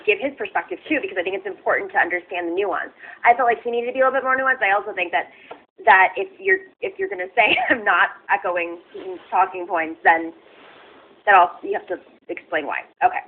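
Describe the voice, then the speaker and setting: A woman hosting a talk show interview, hesitant and meandering, with many fillers. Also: mid-range voice. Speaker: host. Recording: tinny phone-like sound.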